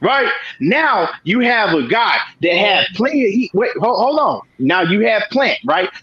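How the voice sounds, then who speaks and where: A man with a high, husky voice talks boxing in an emphatic, casual way, often checking in with "right?". The sound is dull and lo-fi. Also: sing-song, a little slow, bright, forceful tone. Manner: emphatic, keeps asking "right?". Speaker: boxing show host.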